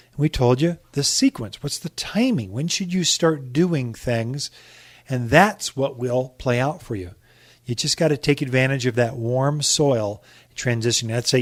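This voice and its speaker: A man hosting a radio garden show from the studio, jokey and quick to laugh. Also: medium pitch. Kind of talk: casual radio chat.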